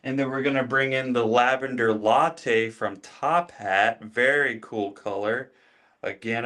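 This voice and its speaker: The man has a medium-pitched, slightly bright voice. He's hosting a laid-back livestream, talking with viewers by name as he demonstrates his beard care routine and circling back to the same phrases.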